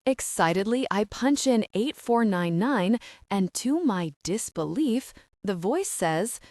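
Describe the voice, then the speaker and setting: A woman reads a novel aloud with a lively, animated delivery, shifting voices as the characters trade lines. Her sound is close and dry, with no room around it. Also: medium pitch, unhurried, no echo. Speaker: audiobook narrator. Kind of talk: scripted audiobook narration voicing characters.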